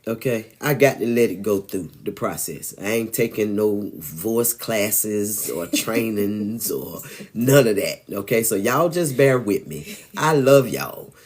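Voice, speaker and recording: A man co-hosting a live relationship chat in a casual, joking, folksy way, with a voice that is still changing and slightly raspy. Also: on the low side, lively intonation, unhurried, hardly any pauses. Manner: laid-back, joking, folksy. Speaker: podcast co-host.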